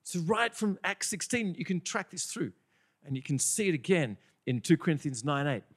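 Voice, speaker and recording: A man preaching a sermon in a conversational, animated way, often asking the congregation questions. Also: on the high side, moderate pace.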